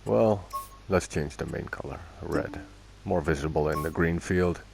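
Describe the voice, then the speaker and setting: A man's voice: extremely low pitch, measured pace, creaky, darkish tone. A man casually commenting on his own gameplay, thinking aloud as he goes and correcting himself along the way. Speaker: gaming video host.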